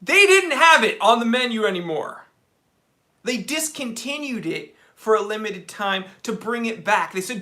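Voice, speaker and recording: On a laid-back livestream, a young man with a high-pitched voice speaks at normal speed. He turns his story into an animated comic rant and talks to his viewers by name.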